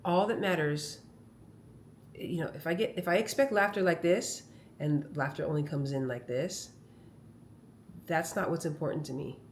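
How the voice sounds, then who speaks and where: At a moderate pace and a low pitch, a woman comedian rambles cheerfully to her phone camera at home. Her casual vlog is animated storytelling, and the audio carries a little hiss or hum.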